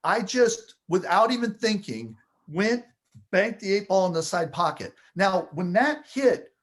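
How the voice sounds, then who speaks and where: A man telling a personal anecdote with animated, building excitement, acting out the scenes as he goes. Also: high voice, measured pace. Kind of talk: storytelling anecdote.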